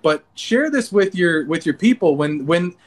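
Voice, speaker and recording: A man speaking as an interview guest in casual talk, earnest and animated, acting out his own inner dialogue with frequent restarts. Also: a little high, measured pace.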